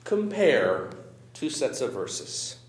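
Animated male pastor preaching in an echoey room. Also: medium pitch, slow pace. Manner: animated, conversational preaching with wide swings from loud to quiet. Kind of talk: sermon.

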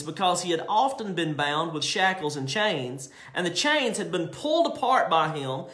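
A man preaching in a high voice, reading scripture with slow emphasis and breaking off to explain it. The sound carries in an echoey room. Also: pushed and bright. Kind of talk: sermon.

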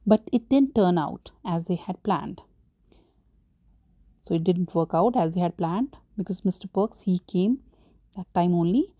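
A woman's voice: on the low side, measured pace, pauses often, warm tone, no room sound. A woman English teacher in a recorded lesson, patiently retelling a story and explaining words step by step.

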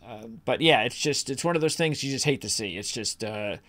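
A man's voice: mid-range voice, lively intonation, brisk, fairly bright tone. A man co-hosting a golf betting podcast, opinionated and rambling, with frequent restarts and fillers. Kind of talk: casual sports chat.

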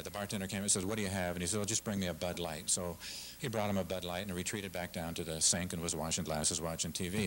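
A man's voice: low-pitched, fairly bright tone, a little hiss or hum, low-quality recording. A middle-aged man giving an emphatic, passionate speech at a civic forum, often repeating himself. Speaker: guest speaker. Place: lecture hall with audience.

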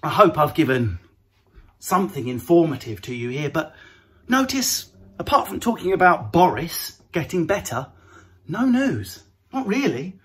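A man doing a comedy rant to camera, animated and mocking, jumping into put-on voices. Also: on the high side, measured pace, slightly rough.

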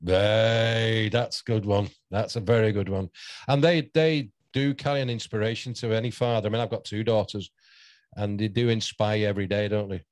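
An older man with a low, deep voice, hosting a casual interview. He wanders from one anecdote to the next and often breaks into laughter. The recording is dry and close, with no room sound. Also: fairly even intonation, normal speed, dry recording. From St Helens, near Liverpool, England. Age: around 60. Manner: rambling anecdotal storyteller who laughs often. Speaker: host.

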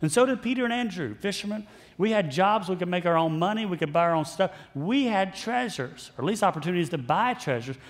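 A man's voice: high voice, expressive, fairly quick, voice pushed up. A man voicing bewildered male disciples who protest to their teacher in disbelief during a sermon. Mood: incredulous. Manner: incredulous, protesting. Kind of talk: sermon storytelling.

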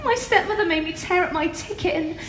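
A woman playing a sweet, meek young heroine in a live pantomime, gentle and innocent. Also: very high voice, brisk, noisy background. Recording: echoey hall from afar.

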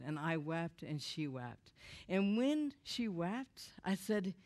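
A woman's voice: low voice, lively intonation, unhurried, a little mellow. A woman giving a personal testimony to a church audience, candid and emotional with wry humor.

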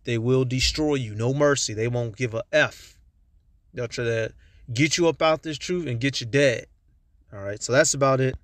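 A man giving an informal, profane religious teaching from inside a car, blunt and halting, often stumbling over his words. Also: mid-range voice, no echo, studio quality. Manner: blunt and profane, with street slang. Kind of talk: informal preaching monologue.

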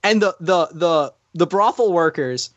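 A man's voice: on the high side, expressive, a little slow, dry recording, dull audio. A man hosting a casual podcast chat who stammers and repeats words as he starts a point, and sometimes reads forum posts aloud. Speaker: podcast host.

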